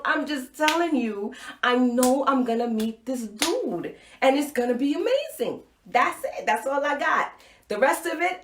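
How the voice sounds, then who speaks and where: A middle-aged woman hosting a live show, telling a personal story with playful, expressive swings between loud and soft. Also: sits high, reverberant. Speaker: live show host and speaker.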